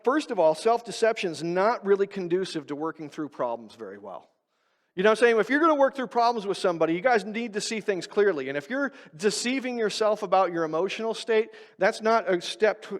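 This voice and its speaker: Male pastor, high voice, chatty sermon with questions to the crowd, long church reverb. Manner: conversational, asks the congregation questions, acts out quoted voices. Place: church sanctuary.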